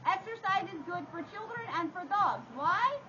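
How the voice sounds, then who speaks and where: High-voiced playful woman performing for a crowd. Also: lively intonation, normal speed, pushed and bright. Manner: theatrical, playful, addressing a crowd. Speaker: dog show performer. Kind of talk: live outdoor audience show with a trained dog. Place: outdoor faire stage. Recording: dull lo-fi sound with noise.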